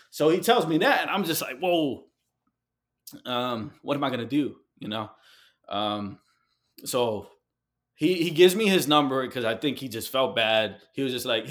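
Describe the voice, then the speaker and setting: A man from New York City, a guest in an interview, telling a personal story in a heartfelt, halting way with many fillers and restarts. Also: medium pitch, lively intonation. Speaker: guest artist.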